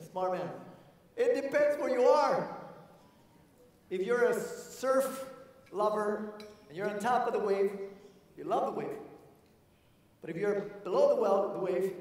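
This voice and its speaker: A man giving an energetic motivational conference talk. He repeats his key phrases and asks the audience questions. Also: high-pitched. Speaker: keynote speaker. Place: large conference hall. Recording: echoey hall from far off.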